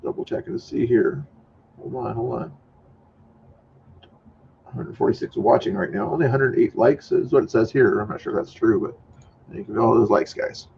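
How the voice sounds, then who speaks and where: A man's voice: mid-range voice, expressive, normal speed, gravelly, pauses often, highs cut off, a little hiss or hum. A man hosting a livestream, chatting casually and rambling as he comments between clips. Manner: rambling, chatty, self-correcting. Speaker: livestream host.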